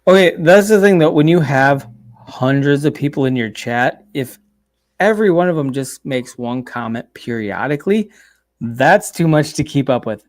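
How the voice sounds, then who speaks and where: A man's voice: on the high side, expressive, normal speed, dry recording. A man talking on a casual livestream chat, chatty and profane, telling stories with animation.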